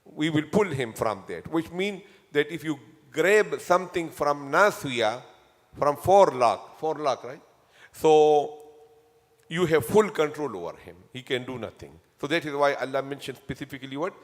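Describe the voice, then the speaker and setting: Guy giving a quran class in a mosque, kinda high voice, echoey hall, says each word over and over and checks if students got it. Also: expressive, moderate pace. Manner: patient, drills terms by repetition and quizzes students. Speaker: Quran teacher. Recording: long hall reverb.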